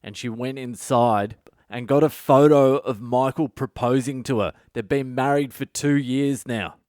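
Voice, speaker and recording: A man's voice: medium pitch, unhurried, darkish tone, dry recording, studio quality. A man hosting his own podcast, telling a story in a blunt, profane way with sarcastic asides. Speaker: comedian podcast host. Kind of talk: casual solo storytelling podcast. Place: at home at night.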